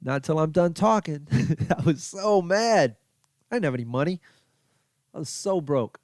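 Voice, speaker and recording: A man's voice: a little high, lively intonation, measured pace, dry recording. Middle-aged male comedian, dry booth sound, self-deprecating storyteller. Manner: rambling, self-deprecating, quoting his own yelling. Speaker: comedian podcast host. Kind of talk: casual storytelling monologue.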